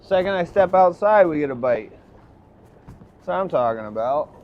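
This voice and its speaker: A man commercial fishing on a boat, live-streaming to his chat and swinging from hyped shouts to low muttering. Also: expressive, moderate pace, highs cut off, a little hiss or hum.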